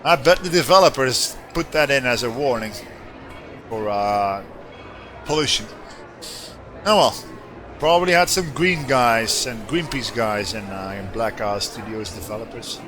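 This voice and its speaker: A man's voice: mid-range voice, unhurried, soft background music. A male streamer in casual gameplay commentary, rambling and joking as he reads game text aloud. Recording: steady background noise.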